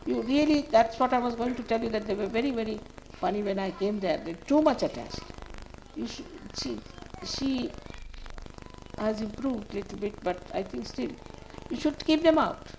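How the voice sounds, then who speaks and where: A woman's voice: a little high, gravelly, darkish tone, slight background noise, low-quality recording. An older woman, a spiritual teacher, giving a spoken talk to a gathering in a motherly, scolding way, often repeating short commands.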